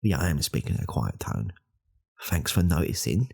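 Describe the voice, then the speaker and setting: Man playing a hushed, gravelly alpha podcaster. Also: very animated, moderate pace, exaggerated voice. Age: 30s. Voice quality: gravelly, husky low voice. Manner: hushed, rambling, self-correcting. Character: self-important male alpha podcaster, insecure and rambling. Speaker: podcast host. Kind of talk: whispered role-play.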